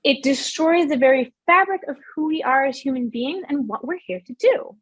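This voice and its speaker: A middle-aged woman with a high voice leads a motivational workshop. She speaks in an earnest, emphatic way and puts questions to her audience. The sound is dry and close. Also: lively intonation, normal speed, no echo.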